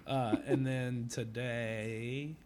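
A man's voice: medium pitch, level tone, extremely slow. A man co-hosting a podcast, talking casually about his kid, rambling and profane. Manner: rambling, profane, lots of fillers. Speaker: podcast co-host, father. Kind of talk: casual chat.

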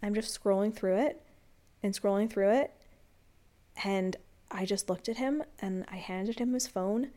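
A woman vlogger telling a personal story in an earnest, confiding and reflective way, dropping to a calm hush when she quotes herself. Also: medium pitch, a little slow, pauses often.

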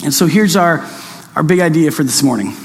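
High-voiced pastor preaching in a hall. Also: male voice, brisk. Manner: conversational, animated storytelling with mock-excited asides. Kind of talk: sermon.

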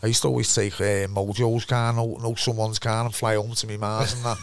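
A man's voice: lowish voice, level tone, fairly quick. A man in his fifties with a Liverpool accent, a former footballer telling rambling, sweary stories in a casual interview. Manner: rambling, swears freely, repeats himself.

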